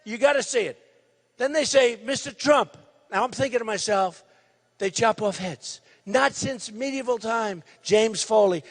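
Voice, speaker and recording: A man in his sixties giving a campaign rally speech, loud and repetitive, hammering his points with emphasis. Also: high voice, unhurried, big-room sound. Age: 60s. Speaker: political candidate.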